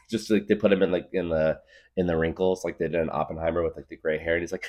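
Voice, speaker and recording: A podcast host in his thirties rambles through a comedic monologue, packing in fillers and laughing at his own jokes. His voice is low and a little mellow, delivered flatly at a quick pace.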